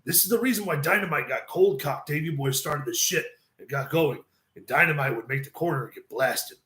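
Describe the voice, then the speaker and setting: A man doing an impression of a gruff, profane veteran wrestler telling road stories in a low, slow drawl. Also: bright, forceful tone, reverberant. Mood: mischievous.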